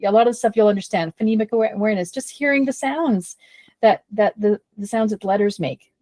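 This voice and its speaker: A woman tutor co-hosting a casual chat about teaching kids to read, animated and playful with many restarts. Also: medium pitch, fast talker, no room sound. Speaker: tutor and podcast co-host.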